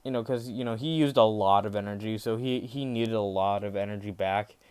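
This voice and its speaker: A man's voice: fairly low pitch, brisk, darkish tone, smooth. A man casually narrating a fan-made story, rambling, with many fillers and restarts.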